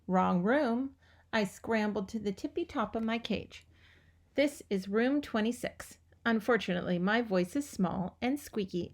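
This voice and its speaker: Reader: woman, mid-pitched, expressive children's-book narration. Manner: expressive, lively storytelling. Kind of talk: reading a children's book aloud.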